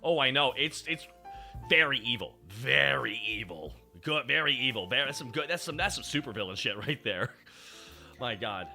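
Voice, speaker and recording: A young Canadian man streaming casual chat, animated, swearing freely and laughing often. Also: mid-range voice, brisk, soft background music.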